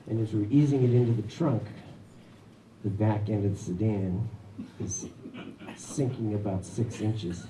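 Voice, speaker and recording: A man's voice: lowish voice, steady tone, measured pace, dark tone, recorded from a distance. A man telling a personal story at a live story hour, wry and chuckling often. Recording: echoey room with background noise.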